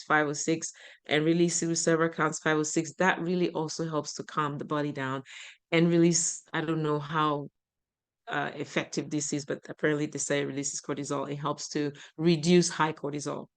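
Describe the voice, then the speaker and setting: A woman with a fairly low voice gives a motivational talk. Her delivery is chatty and loose, full of questions to the audience. She laughs easily when she tells a story. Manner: conversational, asks the audience questions; laughs easily while telling stories. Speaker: speaker.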